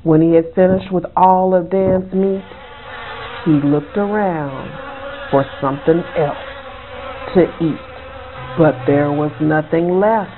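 A woman author reading her own children's book aloud as a bedtime story, with an expressive, rhythmic delivery. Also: lowish voice, takes it slowly, slight background noise. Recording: tinny phone-like sound, faint music.

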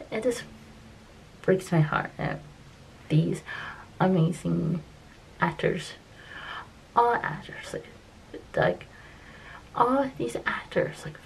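A woman talking in a casual vlog, upset and close to tears, halting and repeating herself and often dropping into soft whispers. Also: mid-range voice, gravelly, a little hiss or hum, low-quality recording. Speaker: vlogger.

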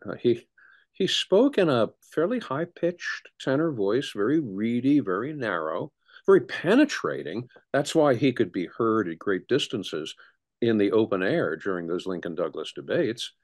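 A middle-aged man, a historian, speaking as an interview guest in an animated storytelling way with frequent restarts. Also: mid-range voice, normal speed. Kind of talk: conversational interview.

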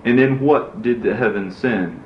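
A sorrowful male prophet pleads for mercy in a low, steady voice, as a man reads the part. The recording is dull and lo-fi, with a roomy echo. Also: measured pace, a little hiss or hum, natural voice. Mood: pleading.

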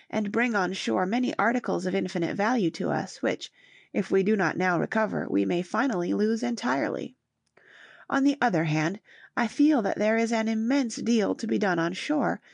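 A woman's voice: medium pitch, creaky, no room sound. A woman reading as an earnest shipwrecked father. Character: middle-aged father of a shipwrecked family, earnest.

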